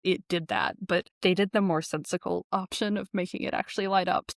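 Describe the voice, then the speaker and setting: A young adult woman from Alabama hosting a podcast, talking chattily with lots of fillers and lively asides. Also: fairly low pitch, brisk, creaky, dry recording, studio quality. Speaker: podcast host. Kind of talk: casual conversation.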